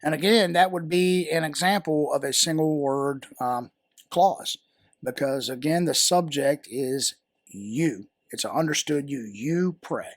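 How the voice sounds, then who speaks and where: A man's voice: on the high side, measured pace, no echo, clean studio sound. Patient Southern American man teaching grammar. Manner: patient, explanatory, with fillers and repeated words. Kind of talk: grammar tutorial.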